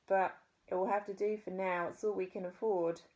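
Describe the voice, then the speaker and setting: A woman with a New Zealand accent voicing a widowed mother, earnest and pleading, a little higher than her narration. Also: level tone, moderate pace, a little mellow, close to an everyday voice. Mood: resigned. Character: worried widowed mother, gentle and firm.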